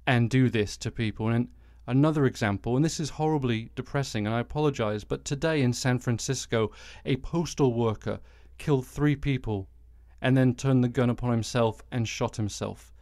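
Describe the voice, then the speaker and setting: A man's voice: mid-range voice, a little mellow, no echo, clean studio sound. A British man in his forties hosting a solo podcast, ranting with exasperation and frequent swearing. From Britain. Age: 40s. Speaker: podcast host.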